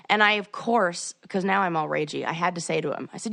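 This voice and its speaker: A woman in her forties co-hosting a podcast, telling a story in a ranting, animated way and acting out the quotes. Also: medium pitch, brisk, gravelly. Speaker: podcast co-host. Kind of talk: casual chat.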